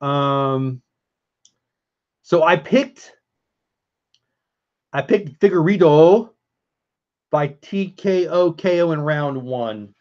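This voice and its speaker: A man's voice: on the high side, expressive, extremely slow, pauses often, lo-fi sound. A man hosting a casual live stream, chatting with viewers and answering chat as he goes.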